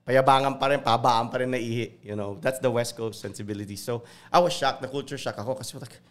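Animated man telling stories. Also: mid-range voice, fast, hardly any pauses. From United States (Virginia). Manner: animated, switches freely between English and Tagalog. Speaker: guest. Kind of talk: casual conversational storytelling.

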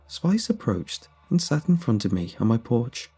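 A man narrating a horror story in a steady, measured way. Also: medium pitch, slightly rough. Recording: faint background music.

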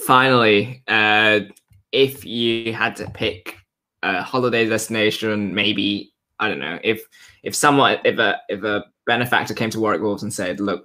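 Guy hosting a sports chat, bright voice, lots of ums and restarts. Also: fairly low pitch. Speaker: host. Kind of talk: casual interview.

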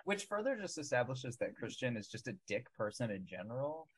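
Husky-voiced man analyzing a film. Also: mid-range voice, very animated, a little fast, poor audio. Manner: analytical, builds longer points about characters. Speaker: film podcast co-host. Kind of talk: casual film discussion.

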